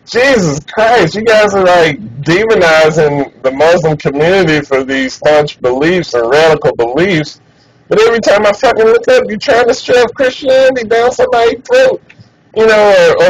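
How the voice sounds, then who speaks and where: Male streamer, high and lively delivery, profane casual chat. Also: a little hiss or hum, rough recording. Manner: animated, profane, laughs often.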